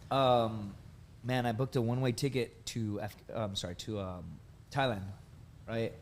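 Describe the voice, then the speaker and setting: A man in his thirties from the United States spins long, rambling stories, padding them with likes and dudes. His voice sits at a middling pitch and has an easy, conversational flow. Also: fairly even intonation, measured pace, a little hiss or hum. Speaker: podcast guest, veteran and comedian. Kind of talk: casual storytelling.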